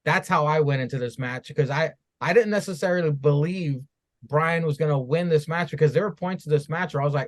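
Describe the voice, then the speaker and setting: A man's voice: a little high, brisk. A man co-hosting a podcast in casual chat, earnestly talking through his reasoning. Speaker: podcast co-host.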